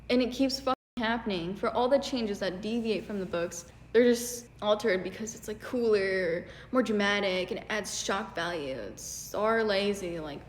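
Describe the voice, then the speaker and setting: Speaking at a medium pitch, a woman delivers an exasperated, sarcastic video-essay rant full of "like" fillers. The room is echoey with long reverb, and there's slight background noise.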